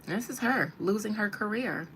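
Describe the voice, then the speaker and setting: A woman's voice: medium pitch, normal speed, fairly bright tone, a little hiss or hum. A woman doing a casual livestream tarot reading, chatty and emphatic, repeating her points for viewers. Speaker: tarot reader and gossip host.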